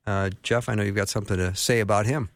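A man's voice: fairly low pitch, steady tone, fast, no room sound. A male radio talk show host on a Christian station, chatty and joking, speaking into a studio microphone. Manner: chatty, joking, plugs phone line.

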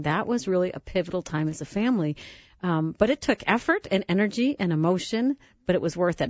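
A woman hosting a radio talk show, telling family stories warmly and laughing often. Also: on the low side, no room sound, muffled recording. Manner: warm storytelling, laughs often.

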